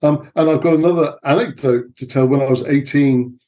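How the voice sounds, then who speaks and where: A man's voice: fairly high pitch, steady tone, fairly quick, warm tone. Chatty English man telling stories. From England. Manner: storytelling, with many fillers and restarts. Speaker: guest film director. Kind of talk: casual interview chat.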